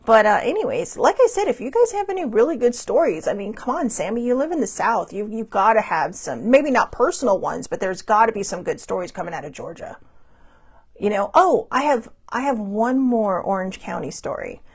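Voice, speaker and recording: Husky, gravelly-voiced woman telling stories. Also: a little high, big pitch swings, fairly quick. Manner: rambling and chatty, with many asides and restarts. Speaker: podcast host. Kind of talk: casual storytelling monologue.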